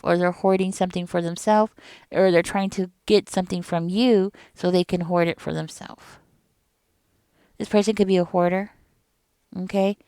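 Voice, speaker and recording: A middle-aged woman giving a casual tarot reading to camera, emphatic and animated, speaking straight to the viewer. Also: medium pitch, clear, resonant tone, no echo. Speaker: tarot reader.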